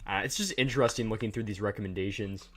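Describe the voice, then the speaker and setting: A man with a fairly low voice hosts a casual livestream. He rambles from thought to thought, cracks jokes and talks directly to his chat. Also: fast talker. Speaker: livestream host.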